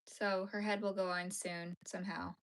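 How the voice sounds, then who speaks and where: A young woman hosting a casual crochet livestream from her home, chatting with viewers and sometimes dropping into soft murmurs and whispers. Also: on the low side, level tone, normal speed. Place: home crafting room.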